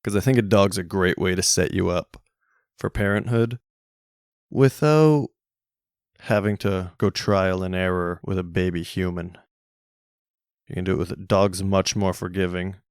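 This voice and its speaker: A man's voice: deep voice, gravelly, dry recording, studio quality. A young man hosting a solo podcast, rambling casually with jokey, self-mocking, crude humor. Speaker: podcast host.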